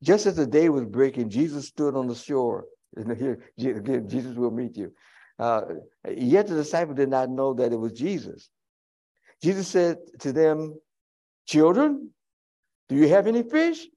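A man's voice: medium pitch, expressive, moderate pace, dark tone. A male pastor preaching a sermon in a folksy, conversational way, with humorous asides to the congregation.

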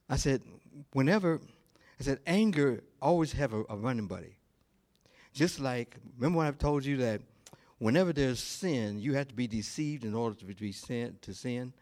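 A male pastor preaching a sermon, telling a story in a slow, deliberate way with pauses. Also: mid-range voice, darkish tone.

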